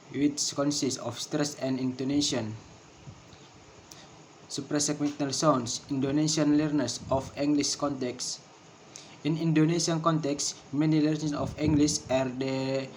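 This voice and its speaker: A man teaching a pronunciation lesson, speaking slowly and deliberately and repeating each drill word. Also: fairly high pitch, darkish tone, a little hiss or hum, low-quality recording. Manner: slow, deliberate, drills words by repeating them.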